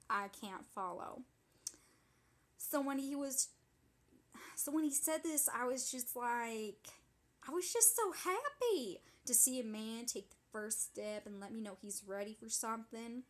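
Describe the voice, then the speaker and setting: Brief: sassy young woman voiced by a woman, gossipy and indignant, a touch high-pitched, comedy monologue. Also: slow pace. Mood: dramatic gossip. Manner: breathless, indignant, gossipy storytelling. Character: sassy dramatic young woman telling a wild story.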